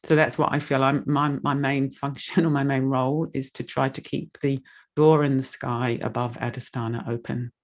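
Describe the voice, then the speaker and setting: A woman's voice: very deep voice, flat delivery, normal speed. A woman giving a heartfelt, rambling donation appeal in an online meditation session, emotional and close to tears. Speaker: speaker making a donation appeal.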